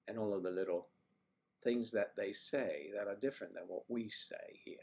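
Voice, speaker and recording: Responding to viewer comments, this American man rambles and drifts between subjects while hosting a livestream. His voice sits on the low side, a little mellow, at a moderate pace.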